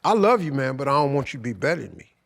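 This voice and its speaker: Gravelly older man telling emotional stories. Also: mid-range voice, big pitch swings, racing. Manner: emotional storytelling, slangy and profane. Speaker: guest. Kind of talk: candid podcast conversation.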